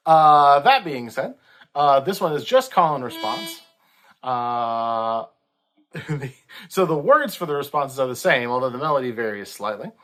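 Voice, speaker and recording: A man's voice: medium pitch, expressive, unhurried, fairly bright tone. Man singing and chatting about sea shanties. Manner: hesitant, many fillers, sings lead lines. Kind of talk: casual chat and shanty singing.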